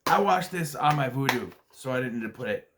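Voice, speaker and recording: A man reviews a movie for his vlog, rambling and hesitant, restarting often and acting out scenes and quotes. His medium-pitched voice is animated and a little fast, with heavy background noise.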